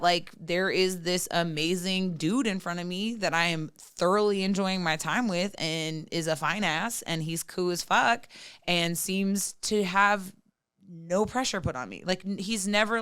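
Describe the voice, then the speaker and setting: Low-voiced, frank woman in casual chat. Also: a little slow, a bit bright, smooth, no room sound, studio quality. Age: 30s. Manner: frank, profane, many "like" fillers. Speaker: podcast guest.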